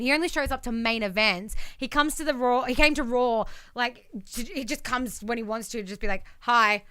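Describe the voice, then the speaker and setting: A woman with a high, bright, smooth voice rants indignantly on a podcast, tumbling through her points with a stream of "like"s. The sound is close and dry. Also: no echo. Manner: indignant, fast venting with many "like"s. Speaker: podcast co-host. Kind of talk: casual podcast rant.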